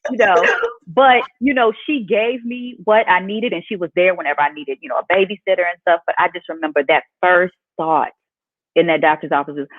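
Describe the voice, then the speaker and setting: A woman hosting a podcast, telling a personal story in an animated way and laughing as she goes. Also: on the low side, brisk, no room sound. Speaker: podcast host. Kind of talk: casual interview chat. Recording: tinny phone-like dry audio.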